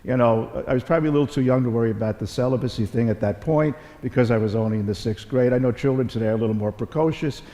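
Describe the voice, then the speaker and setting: A middle-aged Catholic bishop delivers a conversational homily at Mass in a large church, full of folksy stories, repeated phrases, and self-deprecating jokes. He talks fast with hardly any pauses in a mellow mid-range voice, and the church gives a long reverb.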